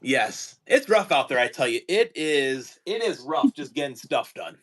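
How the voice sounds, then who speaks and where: A man's voice: mid-range voice, big pitch swings, a little slow, fairly bright tone. A man hosting a casual livestream chat from home, easygoing and rambling. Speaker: teacher and card-collecting stream host.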